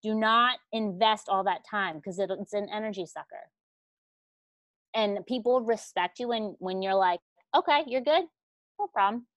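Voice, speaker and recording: A woman's voice: mid-range voice, steady tone, unhurried, a bit bright, no room sound. A woman talking as a guest coach in a casual chat, blunt and slangy, swearing freely and laughing at herself.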